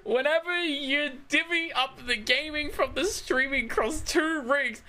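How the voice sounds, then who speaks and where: A woman's voice: high voice, a little slow, pushed and bright. Hearty put-on British AI woman. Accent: exaggerated British. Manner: hearty, chummy, laughs between phrases. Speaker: AI voice assistant. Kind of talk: playful answers in a put-on British voice.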